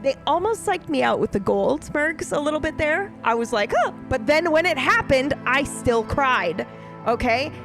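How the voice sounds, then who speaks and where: A woman streaming a game, chatting casually to her viewers in an excitable, profane way that is full of laughs. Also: high-pitched, normal speed, over music. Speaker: let's play streamer.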